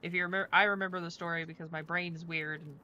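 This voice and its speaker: A woman's voice: on the low side, fairly even intonation, rapid-fire, sharp tone, muffled recording. Chatty, rambling woman streamer. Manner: rambling, chatty, with many fillers. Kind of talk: casual chat while playing a game.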